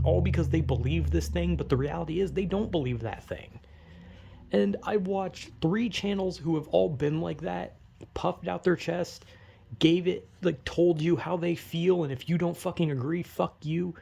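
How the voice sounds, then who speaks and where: A man with a gravelly, creaky voice and a dark, mellow tone, rambling through a casual solo rant. He swears freely and keeps circling back with fillers and restarts. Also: on the high side, moderate pace, slight background noise. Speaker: video creator. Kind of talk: casual ranting monologue.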